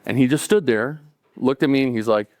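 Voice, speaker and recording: Man, middle-aged, storyteller, relaxed, chatty, average pitch. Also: brisk, no room sound. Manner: relaxed, conversational, with chuckles and acted-out quotes. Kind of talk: live personal storytelling.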